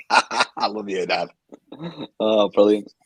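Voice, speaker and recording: A man's voice: on the low side, slow pace, a bit bright, a little hiss or hum. A British man co-hosting a podcast in casual chat, rambling and restarting his sentences. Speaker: podcast co-host.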